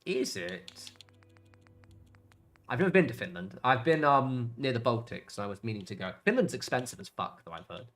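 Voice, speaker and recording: A man's voice: medium pitch, very animated, moderate pace, a bit bright. A young English man streaming a game, chatting casually in a rambling way with lots of fillers and the odd swear word. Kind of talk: casual chat while gaming.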